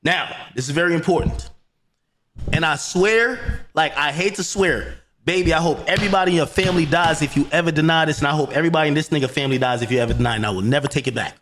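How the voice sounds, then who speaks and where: A fast-talking man with a voice on the high side tells a story as a heated rant, swearing a lot, repeating himself, quoting others, and growing loud until he shouts. There is a little hiss or hum in the recording.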